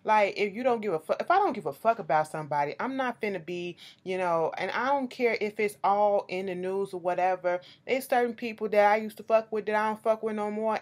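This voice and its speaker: A woman, recapping a reality show in blunt, swear-filled casual commentary, often ending points with "okay?". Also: mid-range voice. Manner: blunt, animated, swears freely, says okay to close points.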